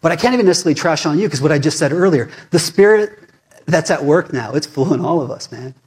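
A male pastor in his forties preaching a sermon in a fired-up, conversational way, swinging between loud emphasis and hushed asides. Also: a little high, expressive, fast talker, breathy edge.

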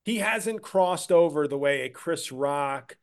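A man's voice: takes it slowly, smooth. A man guesting on a comedy podcast, telling stories in casual chat and acting out other people in a whiny raised voice. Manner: animated storyteller, acts out others in a high whiny voice.

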